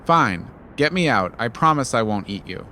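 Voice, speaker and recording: Man voicing an angry trapped leopard, flat clipped annoyed delivery, middle pitch, storybook. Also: normal speed, a little hiss or hum. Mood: grudging.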